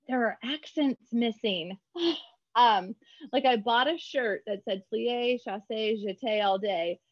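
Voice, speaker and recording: A woman author chatting in an interview, bubbly and quick, acting out her own remarks in lively voices. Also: medium pitch, no echo, muffled recording. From United States. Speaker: author guest. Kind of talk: casual interview chat.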